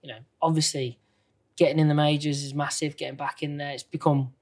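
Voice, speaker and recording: A man, a professional golfer, reflecting in a relaxed podcast chat, leaning often on "you know". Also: on the high side, a little fast. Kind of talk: casual chat.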